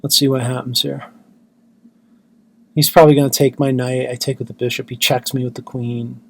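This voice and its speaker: A tired man giving self-mocking, deadpan commentary on his own blitz chess games. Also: medium pitch, normal speed, creaky. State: exhausted. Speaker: chess channel host.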